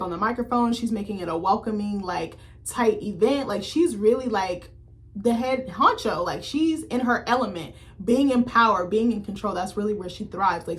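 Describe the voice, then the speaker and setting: Animated, slangy young woman vlogger. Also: mid-range voice. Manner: animated, slangy, swears freely; rambling, self-interrupting. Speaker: YouTuber reviewing a TV series. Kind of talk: casual chat.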